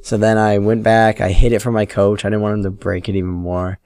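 A man's voice: on the low side, little pitch movement, brisk, darkish tone, clear, resonant tone, no room sound, studio quality. A man in his late teens hosting a solo podcast, telling rambling, self-deprecating stories and swearing freely. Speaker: podcast host. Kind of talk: casual solo podcast storytelling.

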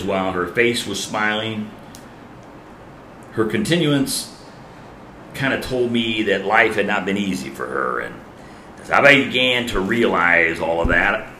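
Slow, animated preaching man. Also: lowish voice, reverberant, a little hiss or hum. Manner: dramatic, repeats key lines with big swings in loudness. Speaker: pastor. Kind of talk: sermon.

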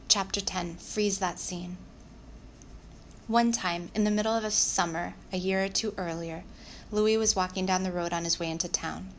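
A woman reading a children's novel aloud in a calm, measured storytelling voice. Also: fairly low pitch, a little hiss or hum, low-quality recording. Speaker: audiobook narrator. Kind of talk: audiobook narration.

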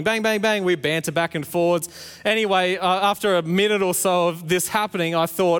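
High-voiced pastor in a reverberant hall. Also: male voice, a little fast, a bit bright, clear, resonant tone. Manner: storytelling with playful acted-out quotes. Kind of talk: sermon.

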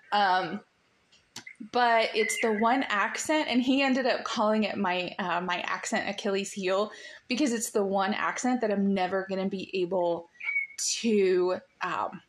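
A bubbly American woman hosts a casual podcast chat. She laughs easily and gushes as she talks, at a middle pitch. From United States. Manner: bubbly, laughs often, gushing. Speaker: podcast host.

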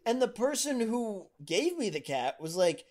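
A man's voice: high voice, big pitch swings, measured pace, a little mellow. A man co-hosting a podcast in casual chat, telling stories animatedly, acting out quoted lines and swearing freely. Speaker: podcast co-host.

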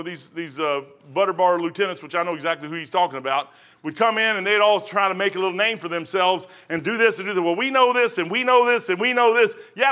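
A man's voice: high voice, bright, forceful tone. A man preaching a sermon as pastor, rambling folksy and telling stories.

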